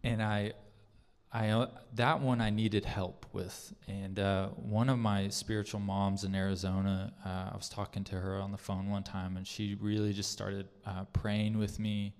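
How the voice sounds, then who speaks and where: A man's voice: on the low side, little pitch movement, unhurried, darkish tone, smooth. A man giving a personal testimony sermon in a church hall, talking in an earnest, conversational way with many fillers and restarts. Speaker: speaker sharing a testimony. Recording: long reverb of a large hall.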